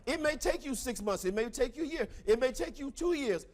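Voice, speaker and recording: A middle-aged man giving a fiery, preacher-like motivational speech to a crowd, breaking into shouts. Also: extremely high pitch, lively intonation, fairly quick. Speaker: motivational speaker.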